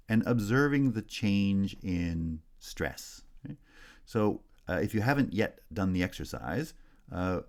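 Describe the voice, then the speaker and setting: A man teaching a linguistics lesson, explaining clearly and checking in with "right?". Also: sits low. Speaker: linguistics instructor. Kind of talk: recorded lecture.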